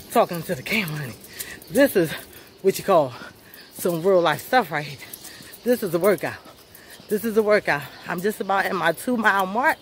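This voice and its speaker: A woman's voice: mid-range voice, a bit bright, a little hiss or hum. A woman vlogging outdoors while walking her neighborhood, out of breath and chatty, encouraging viewers to get up and move. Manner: encouraging, chatty, calls viewers honey and y'all. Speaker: fitness vlogger. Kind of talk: casual motivational vlog while walking. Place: outdoors on a sunny neighborhood street.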